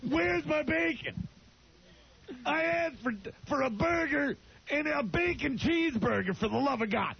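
A man impersonating a yelling, grumpy TV salesman. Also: very high-pitched, expressive, measured pace, gravelly, pauses often, voice pushed up, full character voice. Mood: angry ranting. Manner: yelling, complaining, repeating himself. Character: loud, grumpy middle-aged male TV salesman yelling at a diner. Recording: dull lo-fi radio broadcast.

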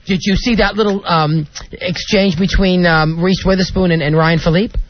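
A man co-hosting a radio show, gossiping in an animated, theatrical way and stammering when he gets excited. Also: high voice, moderate pace, no echo. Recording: dull lo-fi radio sound.

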